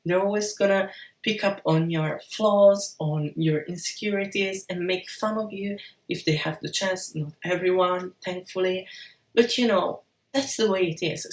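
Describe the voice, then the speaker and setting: A woman with a fairly low voice talks straight to her viewers in a frank, upbeat vlog. She curses now and then. The sound is roomy, with her a little back from the mic. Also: measured pace, distant mic. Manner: frank, encouraging, casual swearing. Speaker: vlogger. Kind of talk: casual advice vlog.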